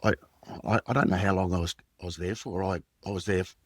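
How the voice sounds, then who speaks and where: A middle-aged Australian man, a podcast guest and former police detective, telling a personal story in a halting, reflective way with many fillers and restarts. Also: low-pitched, fairly even intonation, dry recording.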